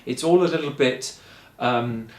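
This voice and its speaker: A man giving a singing lesson, explaining calmly and encouragingly, step by step. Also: mid-range voice, a little slow, reverberant. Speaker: singing teacher. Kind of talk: vocal lesson.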